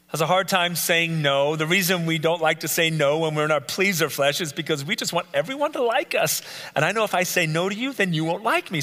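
In a church meeting room with big-room sound, a man leads a live Bible study in a higher, pushed and bright voice. He earnestly lists traits one at a time and repeats key phrases in this live teaching talk.

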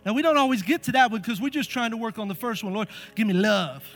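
A middle-aged male pastor preaching a sermon in a church, animated and acting out the voices in his stories. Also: extremely high pitch, rapid-fire, faint music behind. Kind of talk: sermon with storytelling. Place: church sanctuary.

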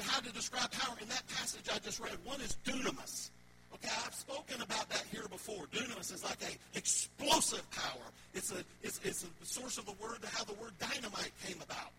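A man preaching a sermon as pastor in a church sanctuary, emphatic and repetitive, with jokes at his own expense. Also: sits high. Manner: emphatic, repetitive, self-joking. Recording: loud background noise.

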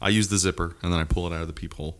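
A man's voice: sits low, fairly even intonation. A man co-hosting a podcast, telling crude stories in casual banter and laughing at his own jokes. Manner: rapid, crude, laughing storyteller. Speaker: podcast co-host.

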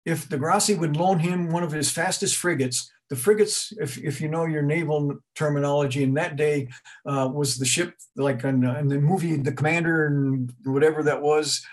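A man's voice: on the high side, steady tone, normal speed. A middle-aged man giving an informal history talk to an audience, conversational and rambling, with frequent restarts and asides. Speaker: museum speaker giving a talk.

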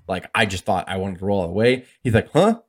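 Male podcast co-host, rapid casual storyteller, acts out quotes. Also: low voice. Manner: fast, animated retelling with acted-out quotes and laughs.

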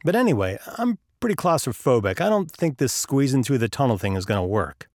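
A man's voice: medium pitch, sing-song, fairly quick, no room sound, clean studio sound. A man voicing a stubborn, fearful guy who is stuck in a hole and makes excuses. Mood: excuse-making. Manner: whiny, excuse-making.

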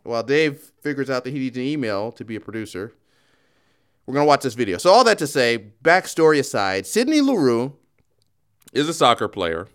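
A man's voice: mid-range voice, big pitch swings, a little fast, fairly bright tone, clear, resonant tone. A man hosting a podcast in casual chat, joking around and rambling through a playful play-by-play. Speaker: podcast host.

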